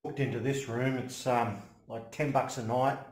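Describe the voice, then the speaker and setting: A man with an Australian accent, chatting casually as he films a travel vlog, relaxed and easygoing. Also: medium pitch, moderate pace, husky. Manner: laid-back, chatty, says "mate" and "no worries". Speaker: travel vlogger. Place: outdoors in a moving tuk-tuk, street traffic.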